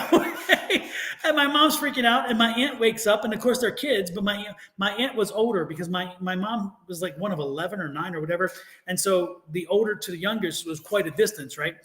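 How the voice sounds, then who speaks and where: A man co-hosting a tarot reading stream, telling stories in a lively, animated way and laughing often. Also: high voice, fairly quick, echoey room. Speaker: tarot reader co-host. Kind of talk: casual live-stream chat.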